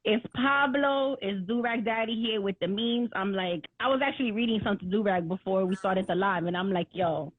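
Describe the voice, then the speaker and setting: A woman hosting a podcast live stream, chatting casually and warmly prompting her guest. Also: medium pitch, phone-quality sound. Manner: upbeat and encouraging, quick to agree. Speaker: podcast host.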